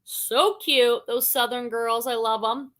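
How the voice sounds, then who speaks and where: A woman's voice: high-pitched, moderate pace, bright, forceful tone. A woman hosting a casual live stream, reading viewer comments aloud and chatting about them. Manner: chatty, reads comments aloud then reacts.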